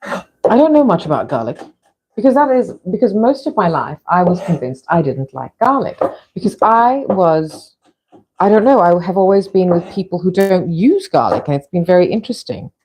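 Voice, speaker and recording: Rambling Fijian-raised woman, mellow voice. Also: lowish voice, very animated, normal speed, breathy edge, rough recording. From Fiji. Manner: rambling, chatty, frequent restarts. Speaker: vlog host. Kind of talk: casual chat while filming cooking. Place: home kitchen.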